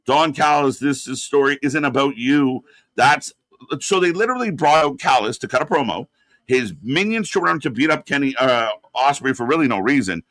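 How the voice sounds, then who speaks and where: A man's voice: mid-range voice, fairly bright tone, dry recording. A man hosting a live watch-along, reacting and critiquing in a rambling, exasperated way with lots of fillers. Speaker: host.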